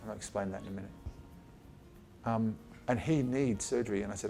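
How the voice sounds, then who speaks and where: A gravelly-voiced man lectures colleagues in his office in a loose, chatty way. He is blunt and swears casually, acting out what patients say to him. Faint music sits behind his voice. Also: lowish voice, steady tone, a little fast, dark tone. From Australia. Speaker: eye surgeon giving a talk. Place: his office, talking to a small group.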